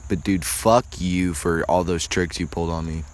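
Young male podcast host, lowish voice, relaxed casual talk. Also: normal speed. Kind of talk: casual chat.

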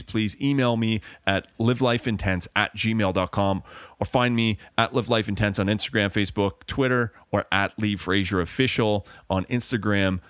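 Deep-voiced rambling podcast host, man. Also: dry recording. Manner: rambling, with many fillers and restarts. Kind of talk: casual podcast chat. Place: room in a big old house.

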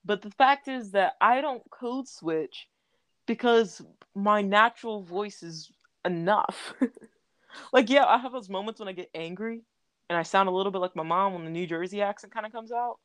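A woman's voice: mid-range voice, moderate pace, fairly bright tone, no echo. A young adult woman talking in casual podcast chat, laughing often and using lots of fillers. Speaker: podcast co-host.

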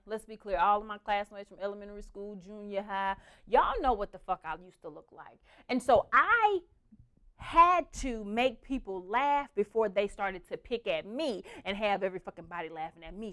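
A young adult woman telling family stories in a casual, profane, animated way, slipping into the voices of her relatives. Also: mid-range voice, moderate pace. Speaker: storyteller. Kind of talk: casual storytelling.

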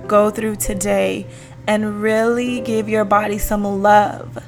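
A young woman talks through her solo podcast in a loose, chatty way. She sounds upbeat and drops slangy asides to her listeners. Her pitch sits in the middle for a woman. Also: level tone, slow, soft background music. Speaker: podcast host. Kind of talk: casual solo podcast chat.

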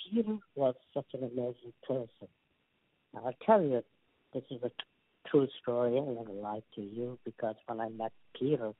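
Older Indian-accented actor, rambling storyteller who stammers through restarts; dry, tinny phone-line sound. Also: male voice, medium pitch, dry recording. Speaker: guest actor. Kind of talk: casual interview storytelling.

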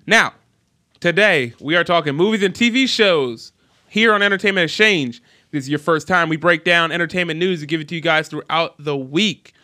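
A young man hosting a casual entertainment podcast, joking and animated as he tells stories. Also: on the high side, fairly quick. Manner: joking, animated storyteller who mimics voices. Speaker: host.

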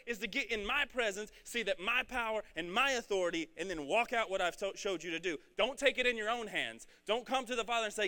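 A man preaching a casual, energetic sermon, talking in a rambling, conversational way. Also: sits high, fairly quick, few pauses. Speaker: pastor.

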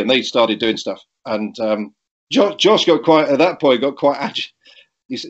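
Telling the story of a cycling accident, this middle-aged male guest speaks in an expressive mid-range voice. He talks conversationally but haltingly, restarting frequently and chuckling often, and the recording is dull and lo-fi.

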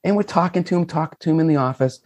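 A man's voice: fairly high pitch, rapid-fire, dry recording. A middle-aged man from Boston with a Boston accent, a former principal telling folksy stories as a podcast guest. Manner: animated, folksy storyteller. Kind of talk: podcast interview storytelling.

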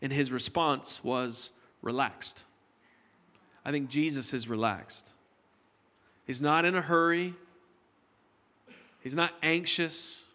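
A man's voice: fairly high pitch, slow, long pauses, sharp tone. A middle-aged man preaching a conversational sermon to his congregation, joking with them as he goes. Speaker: pastor. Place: church hall. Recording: long hall reverb.

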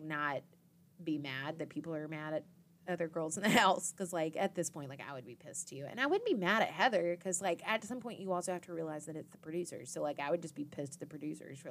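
Over slight background noise, a young podcast host with a low-sitting voice casually runs through an episode. She's chatty and leans heavily on "like," acting out quoted reactions as she goes.

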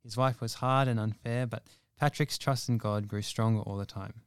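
A young man reads a saint's biography aloud with a smooth, clear voice. His delivery is earnest and steady, with the odd filler. The sound is close and dry. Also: fairly low pitch, normal speed, dry recording. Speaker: presenter reading a saint's biography.

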